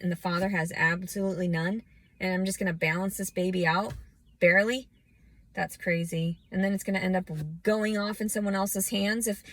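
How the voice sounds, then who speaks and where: Woman, 30s, lowish voice, scattered emotional rant, dry close sound. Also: dry recording, rough recording. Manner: scattered, emotional, restarts often and fights back tears. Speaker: vlogger. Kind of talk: rambling personal rant. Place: outdoors.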